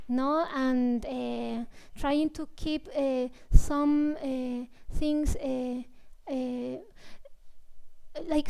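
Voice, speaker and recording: A high-pitched woman, slowly and unhurriedly. She gropes for words, restarts often and tags her thoughts with a questioning "no?". It sounds like a casual answer during a public talk. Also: darkish tone, low-quality recording. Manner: searching, full of fillers and restarts, tags "no?". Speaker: composer speaking at a public talk.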